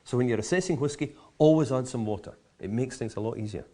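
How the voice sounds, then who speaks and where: A man's voice: mid-range voice, fast, warm tone. A man teaching how to taste, enthusiastic and full of vivid comparisons and playful asides. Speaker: whisky educator. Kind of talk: explanatory tasting talk.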